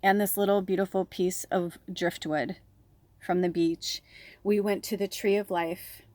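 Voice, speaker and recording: A woman in her thirties, a spiritual reader, telling a personal story with shaky, tearful excitement and lots of "like.". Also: lowish voice, a little slow, no echo. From Pacific Northwest.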